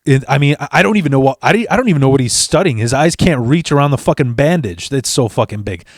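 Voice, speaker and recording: A man's voice: medium pitch, lively intonation, quick pace, no room sound. Guy swearing his way thru a story, fired up, stumbles and restarts, dry close mic sound. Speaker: podcast host. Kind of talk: casual storytelling. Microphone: studio mic.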